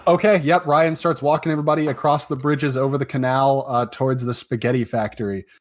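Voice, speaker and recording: A man's voice: medium pitch, fairly even intonation, quick pace. A man running a tabletop game as game master, narrating loosely with many fillers.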